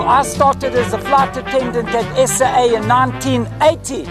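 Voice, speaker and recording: Over loud music, a very high-pitched retired flight attendant from South Africa, in his sixties, guides a group through a parked airliner at normal speed. His delivery is animated and theatrical, with tag questions like "eh?", on a low-quality recording.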